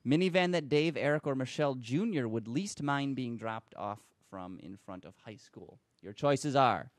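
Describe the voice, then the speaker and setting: A man hosting a casual car podcast, running quick quiz rounds and joking with his panel. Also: mid-range voice, animated, no room sound.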